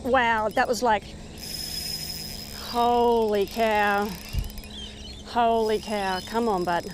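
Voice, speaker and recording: A woman with an Australian accent chatting casually as she fishes, talking to the fish and getting very excited over a catch. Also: fairly high pitch, measured pace, noisy background. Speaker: fishing vlogger. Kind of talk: casual running commentary while fishing. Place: outdoors by the water in the rain.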